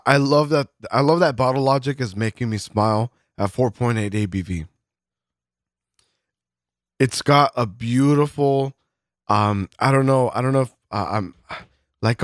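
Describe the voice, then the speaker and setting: A man's voice: medium pitch, dry recording, studio quality. Laid-back swearing man tasting beer. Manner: laid-back, swears casually, laughs often. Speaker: podcast co-host. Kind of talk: casual chat, beer tasting.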